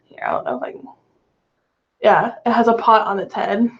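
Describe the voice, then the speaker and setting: Chatty astrology vlogger lady, kinda high voice, muffled lo-fi sound. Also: fairly even intonation, moderate pace, creaky. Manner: chatty, laughs often, swears casually. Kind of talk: casual chat. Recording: lo-fi dull sound.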